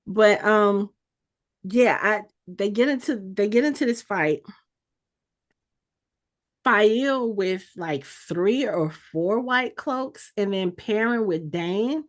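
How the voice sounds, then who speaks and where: A woman hosting a podcast, recapping a TV episode in casual chat, telling it in an expressive, emotional way with casual fillers. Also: medium pitch, takes it slowly. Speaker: podcast host.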